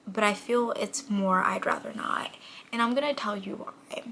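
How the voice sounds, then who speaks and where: A young woman from New York State chatting casually as a book vlogger, gushing and often dropping into a soft whisper. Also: mid-range voice, normal speed, slight background noise. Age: young adult. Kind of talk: casual chat.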